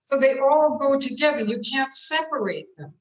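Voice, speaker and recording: A woman's voice: high-pitched, expressive, moderate pace. A woman coaching speakers in an online workshop, talking in a demonstrative way and shifting her tone to show examples. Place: home room on a video call. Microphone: computer mic on a video call. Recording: roomy echo.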